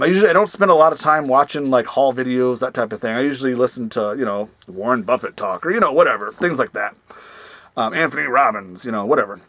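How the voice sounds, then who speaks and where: A male reseller vlogger talks casually, wandering through asides and fillers. His voice sits at an ordinary pitch, and the recording is dry and close. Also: a bit bright, no echo. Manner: rambling, many ums and asides. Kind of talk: casual storytelling vlog.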